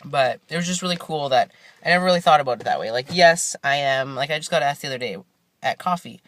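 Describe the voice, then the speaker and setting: A man's voice: fairly high pitch, fast talker, a bit bright. A young man talking casually to the camera for a vlog while sitting in a parked car, laid-back and rambling, with lots of fillers and restarts. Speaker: vlogger.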